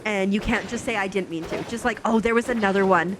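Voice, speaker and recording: A woman's voice: mid-range voice, fast talker, music in the background. A woman streamer telling a long family story in casual, chatty talk full of fillers.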